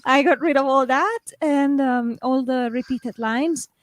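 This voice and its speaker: A woman chatting cheerfully about her writing progress, laughing easily and pausing with fillers. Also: sits high, no echo. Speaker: guest writer. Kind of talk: casual chat.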